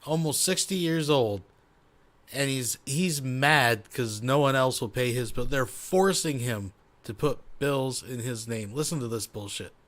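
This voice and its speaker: A man's voice: mid-range voice, a little slow, fairly bright tone. A man hosting a commentary show, scornful and sarcastic about a clip he plays. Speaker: commentary host. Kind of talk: mocking commentary.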